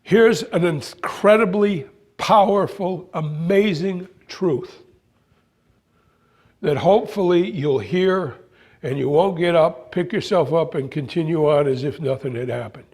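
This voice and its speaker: A man giving a spiritual talk to an audience, telling playful stories with pauses and restarts. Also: on the high side, a little mellow. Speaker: speaker.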